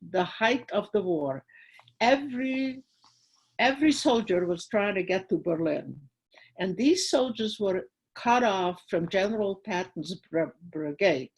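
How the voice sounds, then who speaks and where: Older woman, gravelly and husky. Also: medium pitch, low-quality recording. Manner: vivid retelling, acts out dialogue. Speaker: guest speaker at a school. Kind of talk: personal testimony storytelling.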